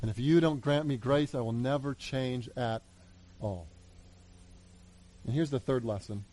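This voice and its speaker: A man preaching a sermon in an earnest way, moving between loud appeals and hushed asides. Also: medium pitch, a little slow. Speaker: pastor.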